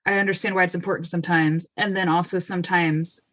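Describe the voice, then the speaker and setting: A young woman who is a guest on a casual book podcast, friendly and quick to laugh as she chats. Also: lowish voice, steady tone, fairly bright tone, dry recording. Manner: friendly, laughs between remarks.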